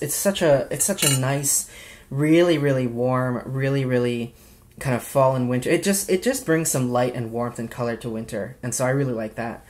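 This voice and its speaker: A young man casually showing off a watch and accessories in a vlog, chatty and gushing, with many fillers. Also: mid-range voice. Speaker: watch vlogger. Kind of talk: casual show-and-tell vlog.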